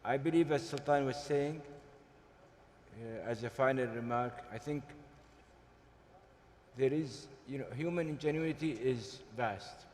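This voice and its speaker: A man's voice: mid-range voice, a little mellow, slight background noise. Emphatic man in a conference hall. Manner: deliberate, emphatic, with frequent hesitations. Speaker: panel speaker. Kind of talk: panel discussion. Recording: hall reverb, faint ambience.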